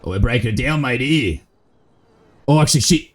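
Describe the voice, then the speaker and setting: A man with an Australian accent swears and banters crudely in broad slang during a roleplay game stream. His voice is medium-pitched, with lively intonation and a brisk pace.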